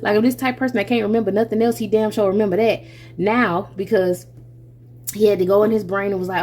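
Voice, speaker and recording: Woman, tarot reader, casual, animated, chatty, swears, affectionate, mid pitch, faint background hiss. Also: quick pace. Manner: animated, chatty, laughs often, calls listener baby and honey; swears freely.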